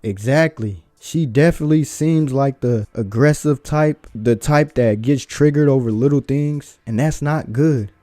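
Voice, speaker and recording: A man's voice: medium pitch, a little slow, few pauses, mellow, dry recording. A man hosting a reaction video, giving blunt, lecturing commentary. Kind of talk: opinionated commentary.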